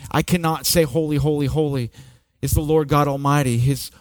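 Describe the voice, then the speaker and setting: A man preaching a sermon with slow, dramatic delivery, dropping to near-whispers and rising to loud peaks. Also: on the high side, fairly even intonation, no echo, studio quality. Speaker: pastor.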